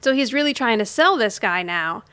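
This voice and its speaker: A woman's voice: on the high side, expressive, moderate pace, over a noisy crowd. A woman co-hosting a podcast, chatting casually and retelling sitcom scenes with frequent laughs. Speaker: podcast co-host. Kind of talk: casual chat recapping a sitcom.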